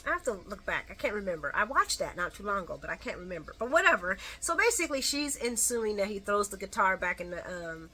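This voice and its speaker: A woman's voice: mid-range voice, sing-song, quick pace, few pauses, bright, forceful tone, slight background noise. A middle-aged woman giving a casual, opinionated solo recap of a soap opera, chatting to her viewers with plenty of fillers and asides.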